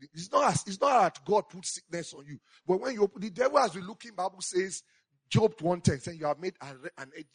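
A man preaches a sermon as a pastor, his voice a little high. He's animated, swinging between loud exclamations and quiet asides.

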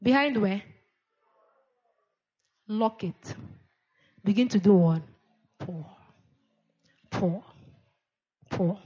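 Woman preacher, call-and-response sermon, repeats key words, medium pitch, dull lo-fi church recording. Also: extremely slow, long pauses, warm tone, breathy edge.

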